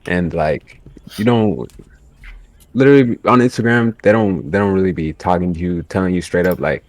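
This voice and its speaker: Deep voiced guy rambling laid back on a podcast, lots of "you know". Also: moderate pace, a little mellow, dry recording. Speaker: podcast guest editor. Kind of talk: casual chat.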